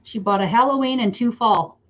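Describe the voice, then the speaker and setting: Speaking fairly quickly in a fairly high voice, a middle-aged Canadian woman leads a casual wreath-making live stream. She keeps up chatter with viewers, naming them as she works, and the sound is slightly dull lo-fi.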